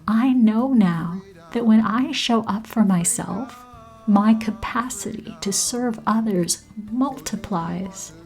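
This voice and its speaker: Slow, softly whispering woman podcast host. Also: on the high side, soft background music, poor audio. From Canada. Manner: slow, soft and intimate, often dropping to a whisper. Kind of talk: scripted reflective narration.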